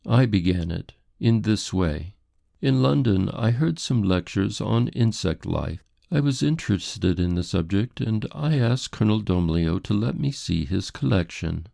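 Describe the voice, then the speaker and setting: A haughty society lady in an audiobook, prim and defensive, her voice lifted well above the deep gravelly tone of the man reading her. She speaks formally and with indignation. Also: lively intonation, a little slow, dark tone, no room sound, clean studio sound, heavily acted.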